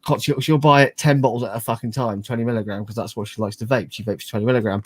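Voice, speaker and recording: A man's voice: medium pitch, fairly even intonation, fast talker, slightly rough, dry recording. A man on a casual podcast panel who rambles, restarts his words and swears as he talks. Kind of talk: casual banter.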